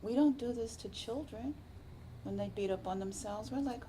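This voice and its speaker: A woman meditation teacher giving a slow, reflective dharma talk that often drops to a soft, whispery hush. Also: on the high side, slight background noise. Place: meditation center hall.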